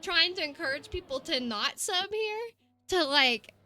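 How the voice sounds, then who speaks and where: A young woman streaming a game, chatting excitably with her viewers and laughing often. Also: extremely high pitch, unhurried. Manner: excitable, giggly, chatty with chat. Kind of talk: casual gaming live-stream chat.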